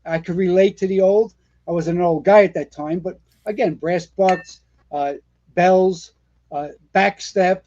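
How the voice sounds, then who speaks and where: A man's voice: high-pitched, unhurried, highs cut off. A man, a retired fire captain telling stories in a casual interview, rambling with lots of fillers and restarts. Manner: animated storyteller, rambling with many fillers and restarts.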